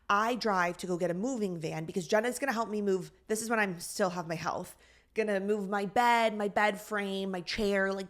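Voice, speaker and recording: A woman co-hosting a podcast, telling a long, frustrating story in a lively, exasperated way. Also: mid-range voice. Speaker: podcast co-host. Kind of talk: casual storytelling chat.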